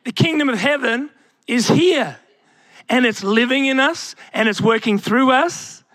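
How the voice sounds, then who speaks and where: A young man preaches to his congregation, his voice sitting high for a man. He takes his time, leaning on rhetorical questions and calling the church to answer back. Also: lively intonation, a little slow, fairly bright tone, dry recording, clean studio sound. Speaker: pastor. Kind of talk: sermon.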